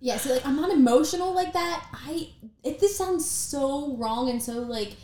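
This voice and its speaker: A young woman with a fairly high voice tells rambling, dramatic stories in a casual chat. The room has a roomy, echoey sound around her voice. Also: animated, moderate pace, darkish tone. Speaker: YouTuber. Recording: roomy echo.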